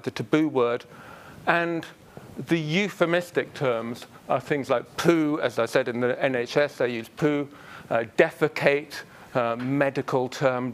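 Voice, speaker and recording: A man giving a public lecture on word history in a college lecture room, relaxed and full of ums and uhs. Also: mid-range voice.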